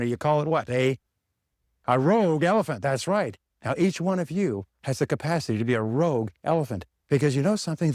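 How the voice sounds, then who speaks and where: A man giving a motivational seminar talk to a live audience. He speaks emphatically, asks rhetorical questions, repeats key phrases, and leaps up in pitch on the lines he stresses. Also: darkish tone, no room sound, clean studio sound.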